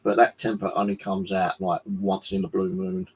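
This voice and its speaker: A man's voice: sits low, little pitch movement, moderate pace, a little hiss or hum. A man, talking casually to camera at home, rambling and swearing in an aggrieved way. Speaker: vlogger. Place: home flat indoors.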